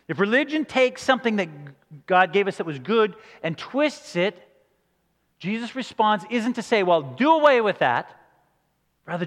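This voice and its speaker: A man's voice: sits high, fairly bright tone, in a large hall. A man preaching a sermon in a conversational way, acting out quoted reactions. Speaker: pastor.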